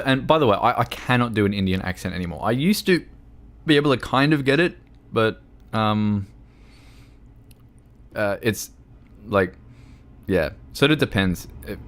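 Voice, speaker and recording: Slow, low-voiced man streaming. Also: a bit bright. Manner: rambling, halting, restarts sentences often, laughs easily. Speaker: livestreamer. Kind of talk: casual chat with livestream viewers while gaming.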